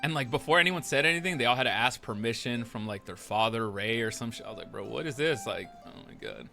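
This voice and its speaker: A man with a bright, forceful voice recounts events from a roleplay game in a loose, in-character way. He swears freely and acts out everyone's lines. Faint music plays underneath. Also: medium pitch, expressive, fast, gravelly. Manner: rambling, profane, acts out quotes. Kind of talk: casual in-character storytelling.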